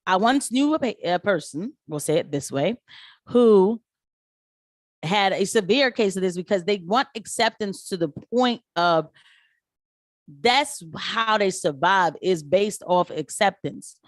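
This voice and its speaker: A woman who works as a nurse, talking casually to her viewers and telling lively stories, putting on quick voices for the people she quotes. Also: mid-range voice, dry recording, studio quality. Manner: animated storytelling with quoted voices. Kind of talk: casual commentary vlog.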